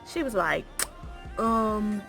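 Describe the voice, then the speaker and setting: A woman's voice: drawn-out words, creaky, soft background music. A young woman, telling a story casually and acting out the dialogue. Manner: animated, acts out dialogue with rising pitch.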